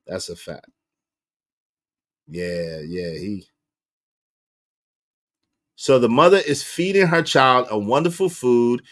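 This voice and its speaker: A man hosting a reaction video, giving blunt, animated commentary and laughing as he talks. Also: medium pitch. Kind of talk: casual commentary on clips.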